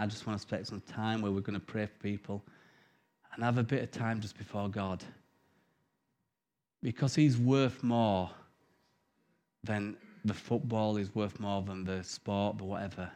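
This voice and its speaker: A middle-aged man preaching an informal sermon, telling stories with big swings from loud to hushed. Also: mid-range voice.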